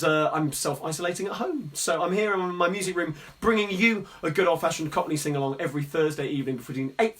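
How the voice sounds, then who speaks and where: A man's voice: on the high side, fairly bright tone. A man hosting a live-streamed sing-along from his music room at home, chatting in a friendly, rambling way between songs. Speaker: sing-along host and performer. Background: guitar playing.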